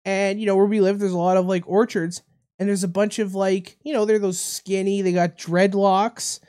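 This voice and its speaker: A man's voice: high voice, little pitch movement, normal speed, a little mellow, clear, resonant tone. A man from Canada co-hosting a podcast, telling crude stories in a rambling way and laughing at his own jokes. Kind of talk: crude comedic podcast banter.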